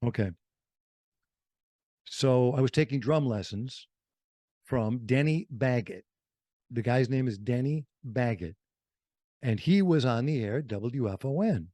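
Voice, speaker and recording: Animated storyteller man from Wisconsin. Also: mid-range voice, takes it slowly, long pauses, no echo. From Fond du Lac, Wisconsin. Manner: animated, acts out quotes in other voices. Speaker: radio host and interview guest. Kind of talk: storytelling interview. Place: radio studio.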